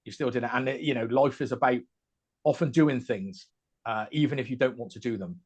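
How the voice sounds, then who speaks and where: A man's voice: medium pitch, breathy edge. A man from the West Country of England with a West Country accent, a guest comedian chatting casually over a video call and often restarting his sentences. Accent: West Country English. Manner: halting, many restarts and fillers. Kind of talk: casual podcast chat.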